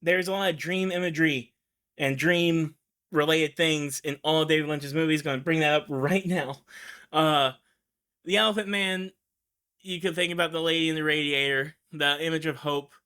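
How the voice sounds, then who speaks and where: A man's voice: a little high, moderate pace, sharp tone, clear, resonant tone. A man hosting a show, chatting casually about films, rambling and laughing often. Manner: rambling, full of fillers and restarts, laughs often. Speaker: show host. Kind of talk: casual film commentary.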